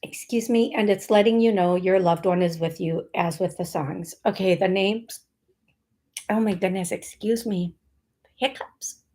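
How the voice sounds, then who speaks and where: A woman's voice: mid-range voice, measured pace, mellow. A woman hosting a live psychic reading, rambling and playful, laughing often and spelling out names as she goes. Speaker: psychic medium host.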